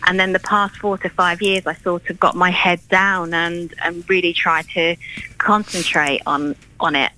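A woman's voice: fairly low pitch, sharp tone, low-quality recording. A woman in her thirties from Ireland with a London English accent, a folk singer-songwriter chatting as a radio guest with plenty of ums and restarts. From Ireland, raised in East London. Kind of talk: casual radio interview.

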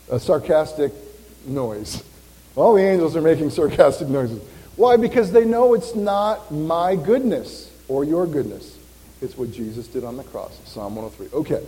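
A man preaching a sermon as pastor, animated and joking, often quizzing his congregation. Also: on the high side. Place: church hall. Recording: long reverb of a church hall.

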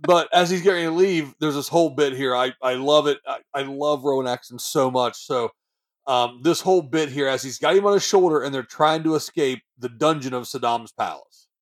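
A man co-hosting a podcast, eagerly retelling favorite film scenes in an easygoing, conversational way. His voice sits at an ordinary mid pitch. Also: brisk. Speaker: podcast co-host. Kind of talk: casual chat about a movie.

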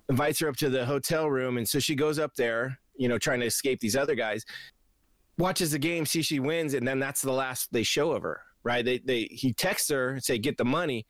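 Male podcast co-host, casual movie recap, profane and animated, dry close sound. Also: mid-range voice, dry recording. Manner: animated, profane storytelling, acts out reactions. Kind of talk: casual movie review chat.

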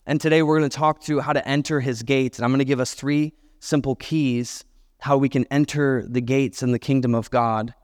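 A man's voice: medium pitch, fairly even intonation, normal speed, darkish tone. A man in his thirties, a pastor preaching a sermon and telling a self-deprecating personal story with chatty asides. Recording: long hall reverb.

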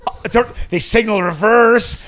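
A man's voice: high-pitched, measured pace. A young man co-hosting a podcast, telling a story in casual chat, swearing and acting out what people said. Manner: lively, swearing, acts out quotes. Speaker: podcast co-host.

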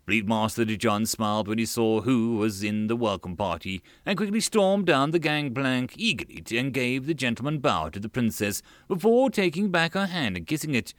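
A man's voice: mid-range voice, sing-song, moderate pace, hardly any pauses, dry recording, clean studio sound. A man reading a web-novel audiobook aloud, narrating and voicing every character. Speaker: audiobook reader.

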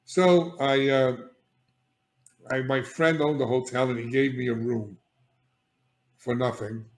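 An older man, a guest on an interview, telling his recovery story in an animated, emphatic way, often restarting sentences and checking in with "all right?". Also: mid-range voice, slow. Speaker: guest, addiction therapist. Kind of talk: candid personal storytelling. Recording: echoey room.

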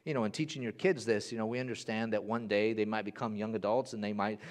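A young man preaching a sermon in a church, animated, swinging from hushed to loud and repeating phrases for emphasis. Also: lowish voice, fast. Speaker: pastor.

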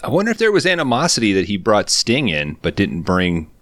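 A man's voice: lowish voice, brisk, no echo. A man co-hosting a podcast, telling stories in casual, profane chat. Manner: profane, storytelling, animated quotes. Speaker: podcast co-host. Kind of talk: casual chat recapping a show.

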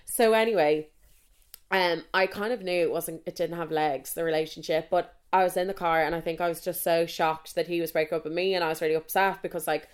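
A woman hosts a podcast and tells a personal story. Her voice sits fairly low and sounds clear and smooth. She talks casually and frankly, swears freely and keeps coming back to "so anyway". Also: fairly even intonation, a little fast. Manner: candid, chatty, swears freely, repeats "so anyway". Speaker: podcast host.

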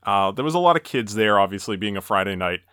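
A man's voice: on the low side, lively intonation, fast, bright, forceful tone, clear, resonant tone, no echo, clean studio sound. A man co-hosting a podcast, telling a story in casual chat and chuckling as he goes. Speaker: podcast co-host.

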